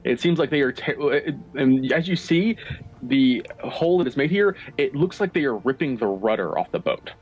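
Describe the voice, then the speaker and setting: Man narrating a tabletop game, measured. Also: mid-range voice, animated, darkish tone, breathy edge, faint music behind. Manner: measured, with frequent "uh" fillers and some swearing. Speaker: game master. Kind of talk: narrating a tabletop game over an online call. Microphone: online voice-chat mic.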